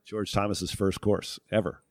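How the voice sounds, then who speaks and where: A man's voice: on the low side, little pitch movement, normal speed, no room sound. A middle-aged man from New England, a guest in a casual interview, talking reflectively and thinking aloud with many fillers and restarts. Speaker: guest, former tour golfer and broadcast analyst.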